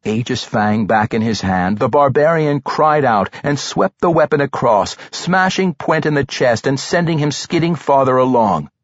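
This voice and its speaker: Man, audiobook narration, husky, lively pitch, dry, dull recording. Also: moderate pace, few pauses, dry recording. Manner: expressive, animated delivery. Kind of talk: dramatic fantasy audiobook narration.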